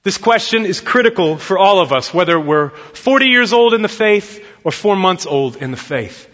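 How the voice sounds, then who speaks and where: Bright-voiced preacher telling a story. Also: male voice, high voice, lively intonation, normal speed. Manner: storytelling, acting out dialogue. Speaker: pastor. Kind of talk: sermon. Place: church sanctuary. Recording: dull lo-fi sound with long hall reverb.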